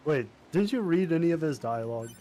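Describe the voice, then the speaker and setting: A man's voice: a little high, animated, brisk, mellow. A man chatting on a gaming stream, explaining things and laughing often. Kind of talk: casual gaming stream chat.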